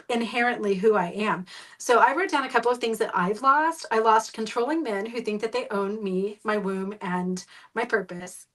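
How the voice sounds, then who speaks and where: A woman's voice: mid-range voice, recorded from a distance. A woman host in casual podcast talk, blunt and sarcastic, who swears freely.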